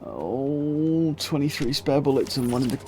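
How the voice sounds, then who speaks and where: A man's voice: mid-range voice, lively intonation, measured pace, background noise. A man giving chatty live gameplay commentary as a streamer, swearing casually and talking to his chat.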